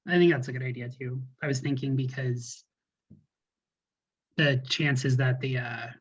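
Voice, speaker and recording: Player, husky, thinking aloud, lo-fi call sound. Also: male voice, mid-range voice, fairly even intonation, measured pace. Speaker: game player. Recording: dull lo-fi call audio.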